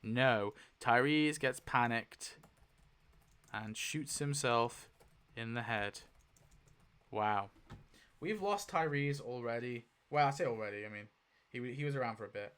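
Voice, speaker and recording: A man's voice: medium pitch, unhurried, a bit bright, smooth. A man hosting a casual video, thinking aloud as he goes, swearing freely and laughing often. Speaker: YouTube host. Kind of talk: casual commentary while spinning a wheel.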